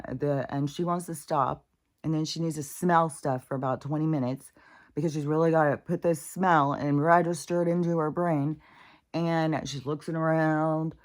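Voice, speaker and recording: A woman vlogger talking in a casual, rambling monologue, candid and profane, dropping now and then into whispered asides. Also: low voice.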